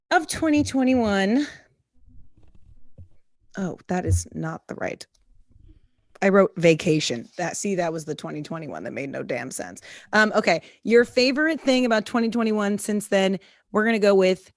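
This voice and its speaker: A woman's voice: mid-range voice, animated, no room sound. Young woman host, chatty storyteller, dry close sound, casual stream talk. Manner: chatty, storytelling, quick asides. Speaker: comedian interview host. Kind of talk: casual livestream interview.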